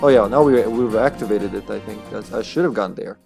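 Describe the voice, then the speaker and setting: A man's voice: fairly low pitch, a little fast, gravelly, over music. A man streaming a video game, chatting casually and jokingly as he plays. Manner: playful, joking, reads in-game lines aloud. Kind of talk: casual gameplay commentary.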